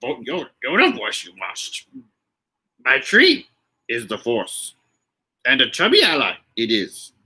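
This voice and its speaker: A man voicing an ancient, tiny, wise male alien master, speaking in halting, inverted sentences as a comic impression. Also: medium pitch, huge pitch swings, sharp tone, slightly rough, exaggerated voice. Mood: mock solemn. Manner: inverted word order, halting, breaks into laughter. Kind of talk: comic impression reading a word game.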